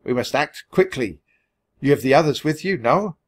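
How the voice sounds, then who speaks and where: A man's voice: medium pitch, lively intonation, normal speed, voice pushed up, natural voice. A man voicing an earnest, apologetic young sorcerer in a storybook reading.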